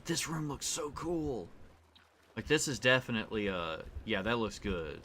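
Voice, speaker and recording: Bright-voiced man rambling over gameplay. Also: medium pitch, measured pace, a little hiss or hum. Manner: rambling, thinking aloud with restarts. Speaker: gaming YouTuber. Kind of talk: casual let's-play commentary. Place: home desk.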